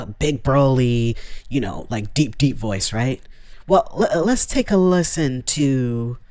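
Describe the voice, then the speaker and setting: A man's voice: fairly high pitch, no echo. A man making a reaction video, commenting in a boastful, mock-serious, sarcastic way. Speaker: YouTuber.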